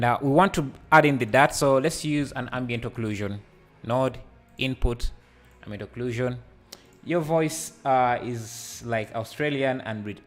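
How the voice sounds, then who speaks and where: Man, live tutorial host, unhurried, halting with fillers, headset mic, soft music underneath. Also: mid-range voice. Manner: hesitant, many fillers and restarts; laughs easily while reading chat. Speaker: livestreaming 3D tutor.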